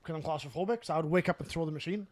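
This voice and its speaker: A man's voice: fairly high pitch, very fast. A man co-hosting a podcast, chatting bluntly about growing up. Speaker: podcast co-host. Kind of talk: casual chat.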